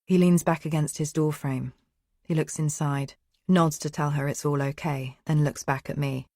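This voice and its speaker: A woman narrates in first person with an anxious, tense edge. Her voice is low and sits close and dry. The telling is steady and unhurried. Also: dry recording. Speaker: audiobook narrator.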